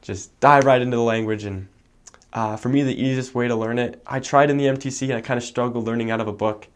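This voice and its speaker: A young man from the United States, a returned missionary, explaining a language in a relaxed way with many fillers. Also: medium pitch, quick pace. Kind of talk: casual explanation.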